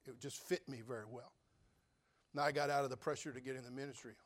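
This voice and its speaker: A man preaching a sermon, telling his own story with humor and big swings between loud and quiet. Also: medium pitch, steady tone, quick pace. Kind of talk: sermon testimony.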